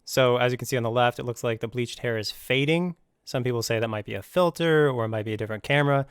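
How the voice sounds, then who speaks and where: A man's voice: medium pitch, fast, clean tone, no echo, studio quality. A man commenting on images in a probing and skeptical way. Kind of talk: video commentary.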